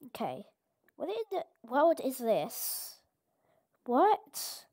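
A woman host giving casual gameplay commentary, excitable and exclaiming at each surprise. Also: a little high, takes it slowly. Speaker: gaming channel host.

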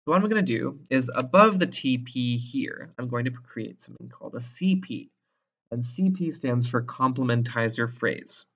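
A man's voice: medium pitch, lively intonation, moderate pace, fairly bright tone, lo-fi sound. A male instructor explaining a drawing step by step in an informal, thinking-aloud way. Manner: casual and thinking aloud, with many restarts. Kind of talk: screen-recorded tutorial.

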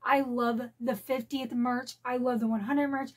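A middle-aged woman chatting excitedly at home as she unboxes a collectible bag, gasping and gushing. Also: a little high, normal speed. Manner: gushing, gasping, repeats "oh my" exclamations. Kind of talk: excited unboxing vlog chat. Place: home, dogs barking nearby.

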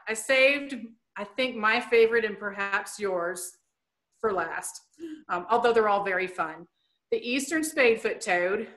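A woman's voice: on the high side, fairly bright tone. Chatty woman teaching about frogs. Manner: chatty, plain explanations with playful asides. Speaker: wildlife educator presenting. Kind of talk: online presentation lecture.

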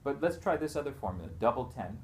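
A man's voice: medium pitch, sing-song, fast. A man teaching rhythm in a one-on-one music lesson, patiently explaining step by step and counting beats and chanting rhythm syllables aloud. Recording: noisy room recording.

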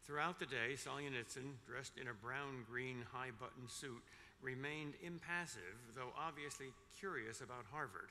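An older man giving a conference lecture, telling a story in a measured way with dry wit. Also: medium pitch, pushed and bright, slight background noise. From New England, USA. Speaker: speaker. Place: large conference hall. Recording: long reverb in a big hall.

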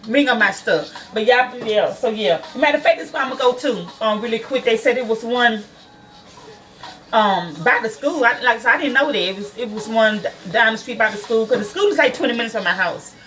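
A woman's voice: on the high side, a little fast, a bit bright, recorded from a distance, faint music behind. A woman who is a nail school student chats casually to her viewers from her car, swearing freely and calling them y'all.

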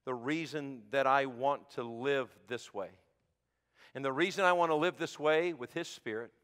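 A man preaching a sermon as pastor, swinging from shouted peaks to hushed low asides. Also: moderate pace. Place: church sanctuary. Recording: sanctuary with long reverb.

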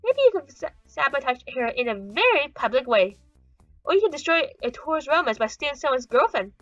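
A woman voicing a pushy female music manager who wants drama, with a high, gushing manner. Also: sing-song, brisk, no room sound, muffled recording.

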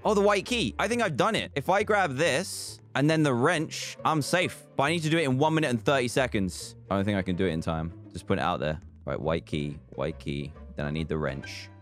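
A man's voice: mid-range voice, brisk, hardly any pauses, soft background music. A young man hosting a gaming video, muttering under stress and yelping and cheering as he plays. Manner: animated, stressed muttering to himself, yelps and cheers. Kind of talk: excited gameplay commentary.

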